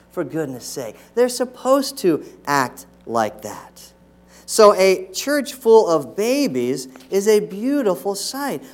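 Middle-aged pastor preaching, slightly high voice. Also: male voice. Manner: conversational preaching with rhetorical questions; acts out scolding voices to make a point. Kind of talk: sermon. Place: church sanctuary.

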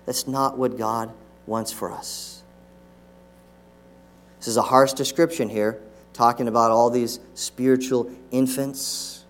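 A man's voice: mid-range voice, flat delivery, takes it slowly, long pauses, faint music behind. A middle-aged man preaching a sermon in a church, talking with his congregation through rhetorical questions and now and then acting out scolding voices. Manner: acts out scolding voices to make a point. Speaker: pastor. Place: church sanctuary.

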